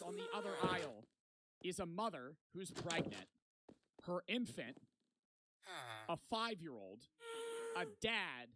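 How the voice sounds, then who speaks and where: High-voiced young man telling a story. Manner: animated, profane storytelling. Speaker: vlogger. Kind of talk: casual storytime. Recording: noticeable background noise.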